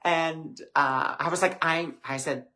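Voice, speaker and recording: Gentle man giving a spiritual talk. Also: fairly high pitch, steady tone, measured pace. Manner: gentle, repetitive phrasing with many fillers. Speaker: spiritual teacher hosting a live stream. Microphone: webcam or phone on a live stream.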